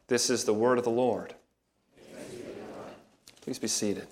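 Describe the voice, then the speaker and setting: A man preaching a sermon, reading scripture aloud, then explaining it in a measured, emphatic way with rhetorical questions. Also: mid-range voice, fairly even intonation, slight background noise. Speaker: pastor.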